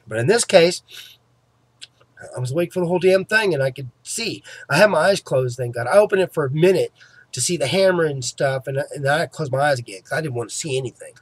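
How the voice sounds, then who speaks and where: A man's voice: on the high side, animated, a little fast, bright, forceful tone, slightly rough, no room sound. A man telling the story of a painful tooth extraction in a casual vlog, emphatic and swearing, often asking "okay?", with a sore jaw. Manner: emphatic, swears freely, keeps checking in with "okay?". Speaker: vlogger.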